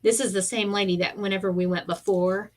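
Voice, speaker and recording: A woman's voice: mid-range voice, brisk. A middle-aged woman, chatting casually and acting out quotes while crafting on a live stream. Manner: animated storyteller, acts out quotes.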